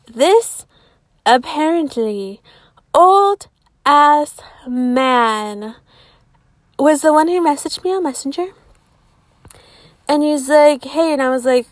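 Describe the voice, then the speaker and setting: Profane, animated young woman podcaster. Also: high voice, a little slow, pauses often, dry recording. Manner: profane, animated, drops to whispers for asides. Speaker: podcast host. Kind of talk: casual storytelling.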